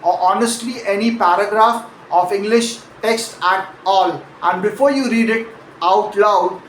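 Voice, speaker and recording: High-voiced male accent coach, echoey room. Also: measured pace, a bit bright, slight background noise. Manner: explanatory, demonstrates word stress by example. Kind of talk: pronunciation lesson.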